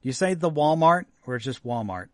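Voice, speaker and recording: Male podcast co-host, wry news reader, slightly high voice, dry close sound. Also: lively intonation, brisk, a bit bright, no room sound. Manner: dry, wry asides while reading. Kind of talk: casual chat, reading news stories.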